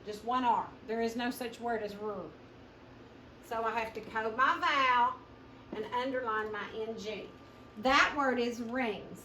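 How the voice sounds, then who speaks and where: A woman's voice: on the high side, bright, forceful tone. A woman teaching a phonics lesson and carefully sounding out words for her students. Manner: slow, drawn-out modeling of sounds, addresses students as guys. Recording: echoey room, mic at a distance, noisy with hum.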